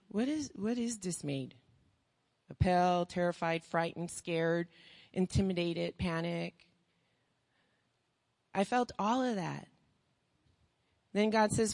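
A woman preaching a sermon with passion, firing rhetorical questions and swinging from hushed tones to shouting. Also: on the low side, slow, long pauses, in a large hall.

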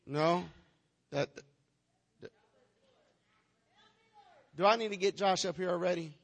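A man's voice: sits high, takes it slowly, gravelly, big-room sound. A man preaching a sermon in a church, firing rhetorical questions, teasing the congregation and slipping into a sing-song chant.

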